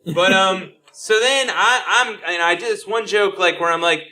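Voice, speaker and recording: A man's voice: high voice, moderate pace, hardly any pauses, sharp tone. A man telling a rambling stand-up gig story on a comedy podcast, laughing often as he talks. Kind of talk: casual storytelling chat.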